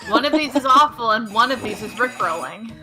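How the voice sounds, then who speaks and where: A woman's voice: fairly high pitch, animated, brisk, music in the background. A woman chatting on a video call livestream, reacting dramatically. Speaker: livestream co-host. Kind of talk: casual group chat on a livestream.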